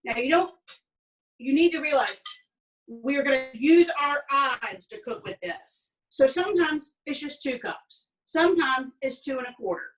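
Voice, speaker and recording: A woman's voice: sits high, lively intonation, a little slow. A woman with a Southern American accent teaching a cooking class, talking in a folksy, chatty way with many fillers. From Southern United States. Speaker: cooking instructor. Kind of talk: cooking class with family storytelling. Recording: voice a bit distant from the mic.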